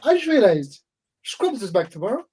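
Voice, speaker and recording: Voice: medium pitch, very animated, normal speed, a little mellow, a little hiss or hum. A speaker in casual chat on a geek podcast, chiming in with short remarks and bringing up new topics.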